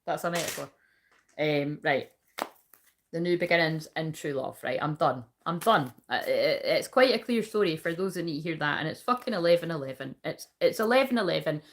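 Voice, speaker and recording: Chatty woman doing a tarot reading, swears a lot, keeps laughing, lowish voice. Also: animated, fairly quick. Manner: rambling, swears freely, laughs often. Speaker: tarot reader. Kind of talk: casual live tarot reading.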